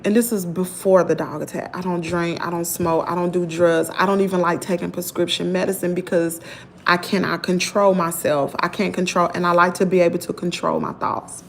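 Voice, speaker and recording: A woman with a Southern American accent telling a story to her viewers in an animated, indignant vlog. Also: lowish voice, a little hiss or hum. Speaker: vlogger.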